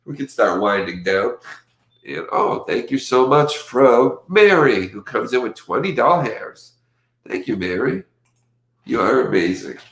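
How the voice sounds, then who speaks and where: A man hosting a casual livestream, rambling and lively when he quotes others, with his allergies acting up. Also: medium pitch, a little slow, reverberant. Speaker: livestream host.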